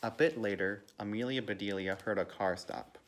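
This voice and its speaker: A man's voice: moderate pace, a bit bright. Man reading a picture book aloud. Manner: lifts pitch and volume for character quotes. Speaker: volunteer reader.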